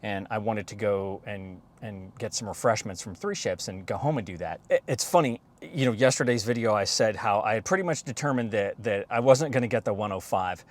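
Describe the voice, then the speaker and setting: A man with a lowish voice talks into a camera propped on his car's dashboard. He rambles in an easygoing, chatty way and drops casual swear words as he goes. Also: brisk, few pauses. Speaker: photography vlogger. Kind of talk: casual rambling vlog talk. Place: inside his parked car. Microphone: camera mounted on the dashboard.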